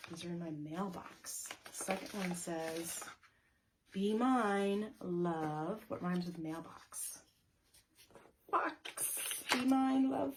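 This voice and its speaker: A woman librarian hosts story time for young children, reading picture books and rhymes aloud. Her delivery is slow, animated and sing-song, with frequent questions to her young listeners. A faint hiss sits under the voice. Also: lowish voice.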